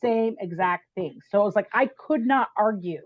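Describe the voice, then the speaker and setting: A woman guest on a podcast telling a personal story in an animated, chatty way, with frequent "like" and "right?". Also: mid-range voice, normal speed, dry recording, muffled recording.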